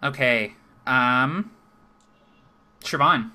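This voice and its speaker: Game master, male, bright tone, descriptive narration with pauses. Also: medium pitch.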